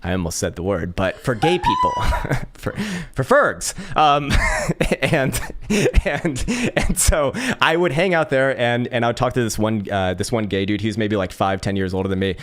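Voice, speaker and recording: A man from San Francisco hosts his channel and tells a personal story in a relaxed, casual way. He swears freely, stumbles into repeated words and breaks into laughter often. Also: mid-range voice, normal speed. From San Francisco, USA.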